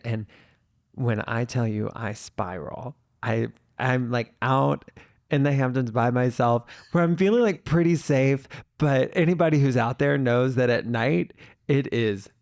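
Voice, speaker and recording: Gravelly-voiced guy co-hosting a podcast, dramatic storyteller, mid pitch. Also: moderate pace, a little mellow. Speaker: podcast co-host. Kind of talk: casual storytelling chat.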